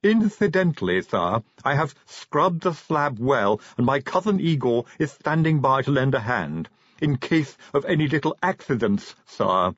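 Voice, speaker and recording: A man's voice: mid-range voice, very animated, unhurried, fairly bright tone, dry recording, pitched above the performer's own voice. A man voicing a deferential male Igor assistant who keeps saying sir politely, in a slightly muffled recording. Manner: politely fussy, says sir a lot.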